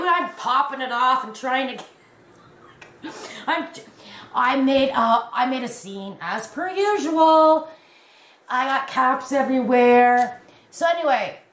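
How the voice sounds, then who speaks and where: A woman chatting casually to her viewers, telling a story in an animated way and laughing at herself. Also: sits high, slow pace. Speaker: crochet vlogger. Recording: echoey room with faint background noise.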